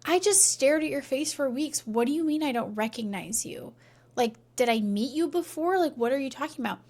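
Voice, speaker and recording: A woman's voice: sits high, lively intonation, a little fast, a little mellow. A woman voicing a bewildered male Renaissance painter who fires off incredulous questions in a raised voice.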